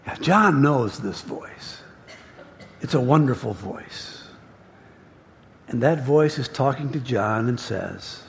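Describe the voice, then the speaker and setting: Slow, animated male pastor preaching. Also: medium pitch, vocal fry, slight background noise. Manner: emphatic, halting with repeated words. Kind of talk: sermon. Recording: reverberant church hall.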